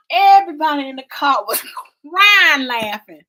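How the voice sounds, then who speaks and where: Female vlog co-host, dramatic storyteller, bright tone. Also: high voice, a little slow. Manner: animated, dramatic storytelling with y'all and quoted voices. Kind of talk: casual travel storytelling.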